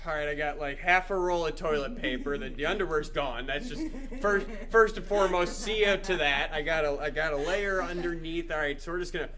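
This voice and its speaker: A man co-hosting a casual chat show, telling a story about himself in a relaxed, self-mocking way. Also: a little high, a little fast, crowd noise. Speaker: podcast co-host.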